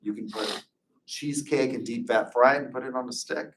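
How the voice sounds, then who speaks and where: A man's voice: mid-range voice, fairly quick, vocal fry, recorded from a distance. A man giving an informal classroom lecture, chatty and anecdotal, drifting into loose personal stories. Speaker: instructor.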